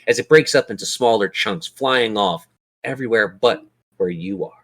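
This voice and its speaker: A low-pitched man runs a tabletop game as its game master. He narrates scenes dramatically and describes events, speeding up and slowing down as he goes. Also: a bit bright.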